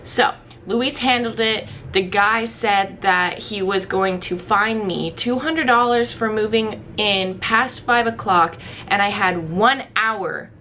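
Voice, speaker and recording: A young woman from Ohio telling a story to camera in a vlog, animated and acting out the people she quotes. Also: medium pitch, slow, a little hiss or hum. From Ohio, USA. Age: young adult. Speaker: vlogger.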